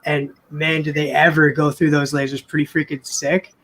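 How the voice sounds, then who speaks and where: Chill podcast guy rambling about movies, bit high voice, lots of likes and ums. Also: flat delivery, normal speed, a bit bright. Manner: rambling, lots of fillers and swearing. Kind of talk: casual podcast chat.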